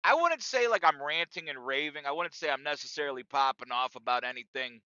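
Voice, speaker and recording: A man's voice: mid-range voice, flat delivery, brisk, pushed and bright, clean tone, no room sound, muffled recording. A middle-aged man hosting a podcast, talking loosely and profanely straight to his listeners in a casual monologue. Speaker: podcast host.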